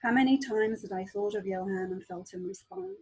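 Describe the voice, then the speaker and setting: A woman author talking as a guest on a video call and reading aloud from her own book in a calm, measured way. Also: medium pitch, vocal fry, breathy edge, poor audio.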